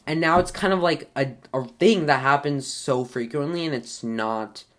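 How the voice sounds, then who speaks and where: A man's voice: a little high, normal speed, fairly bright tone. A young man hosting a casual solo podcast, rambling with lots of fillers and tripping over hard names. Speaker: podcast host.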